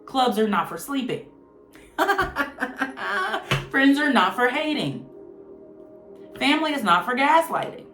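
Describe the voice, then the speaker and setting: A woman's voice: sits high, very animated, takes it slowly, long pauses. A woman giving a casual tarot reading, blunt, slangy and profane, joking as she goes. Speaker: tarot reader. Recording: roomy echo with faint music.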